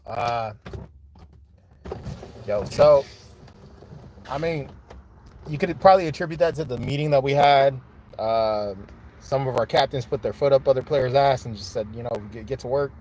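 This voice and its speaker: A man livestreaming from a handheld phone, chatting casually and swearing freely as he talks straight to his viewers. His voice sits at an ordinary middle pitch, with a little noise underneath. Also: normal speed, pauses often, darkish tone. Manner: profane, frustrated then hyped, addresses viewers directly. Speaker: livestream host. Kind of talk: casual live chat. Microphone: phone held in hand.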